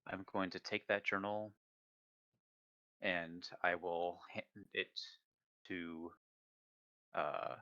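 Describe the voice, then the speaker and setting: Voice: deep voice, steady tone, drawn-out words, long pauses, pushed and bright, dull audio. A player in a tabletop game, talking casually and offhand.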